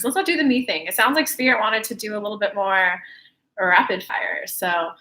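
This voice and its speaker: A woman hosting a spiritual livestream, chatting and telling stories in a lively, animated way, speaking of herself by name. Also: medium pitch, moderate pace, echoey room, poor audio. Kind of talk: animated channeled talk and storytelling.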